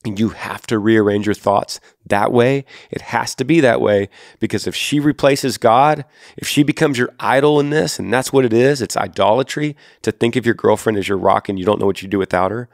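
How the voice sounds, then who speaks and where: A man's voice: lowish voice, brisk, no echo, clean studio sound. A man in his thirties with a Texan accent, hosting a faith-based advice podcast and speaking earnestly and directly to a listener. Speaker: podcast host.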